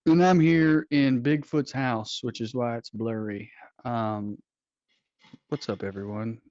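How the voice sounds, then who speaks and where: A man's voice: mid-range voice, steady tone, slow pace, darkish tone, no room sound. Jokey man hosting a podcast. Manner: jokey, rambling, self-deprecating. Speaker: podcast host. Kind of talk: casual podcast chat. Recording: dull, slightly lo-fi remote audio.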